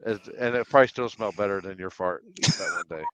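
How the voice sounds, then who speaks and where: A man's voice: on the low side, fast, smooth, no room sound, poor audio. A man co-hosting a casual chat show, telling rowdy stories with lots of cussing. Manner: profane, animated storyteller. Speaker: podcast co-host.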